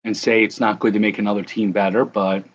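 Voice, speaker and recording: A man's voice: on the low side, level tone, quick pace, dull audio. Chatty man hosting a card break stream. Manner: chatty, joking, talks to viewers in chat by name. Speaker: card breaker livestream host. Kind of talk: casual livestream chat while opening trading card packs.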